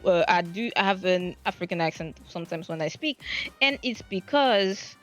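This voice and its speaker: Speaking at a normal pace, she has a lowish, expressive voice, with soft music playing in the background. The streamer hails from the French Caribbean and carries a Creole accent; her casual talk wanders, keeps restarting, and pokes fun at herself, heard through dull lo-fi audio.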